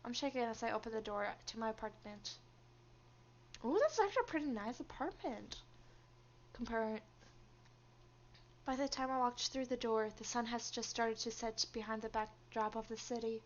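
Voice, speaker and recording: A woman's voice: a little high, little pitch movement, moderate pace, dull audio. A young woman streaming a game, reading its story lines aloud and chatting with viewers between them, laughing often.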